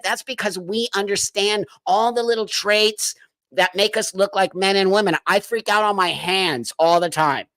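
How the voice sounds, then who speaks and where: A man's voice: high voice, pushed and bright, no room sound. A man hosting a live stream, commenting bluntly and mockingly and laughing often.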